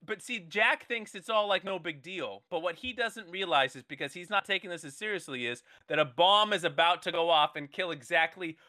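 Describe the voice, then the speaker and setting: A man co-hosting a comedy show, pitching an improvised action movie in a rambling, playful way, often restarting his sentences. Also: fairly quick, hardly any pauses, sharp tone. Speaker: comedy podcast co-host.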